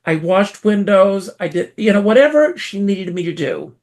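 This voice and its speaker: A man from South Carolina, a performer, telling his story as a guest in an interview, with lively theatrical emphasis. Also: high voice, moderate pace.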